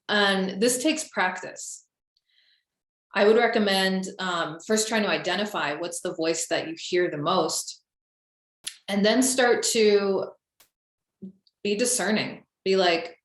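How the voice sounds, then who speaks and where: A woman's voice: mid-range voice, slow pace. A young woman coaching listeners on confidence in a casual, chatty way, full of "um" and "like.". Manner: chatty, lots of fillers like "um" and "like". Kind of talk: casual spoken teaching. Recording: echoey room.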